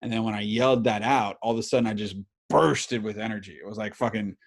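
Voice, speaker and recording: Brief: thirties male podcast host, lowish voice, loose and profane, animated storyteller. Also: quick pace. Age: 30s. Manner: animated, swears a lot, many fillers. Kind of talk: casual storytelling chat.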